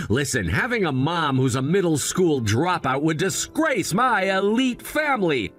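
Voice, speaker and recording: An actor playing an arrogant, snobbish young groom who talks down to everyone with sneering contempt. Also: male voice, on the high side, a bit bright, full character voice. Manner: sneering, condescending.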